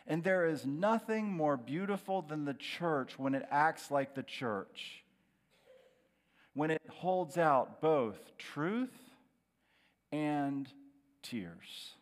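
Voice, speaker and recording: A middle-aged man preaching a sermon as a pastor, dramatic, dropping to a hushed, slow voice on key words. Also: a little high, animated. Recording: long hall reverb.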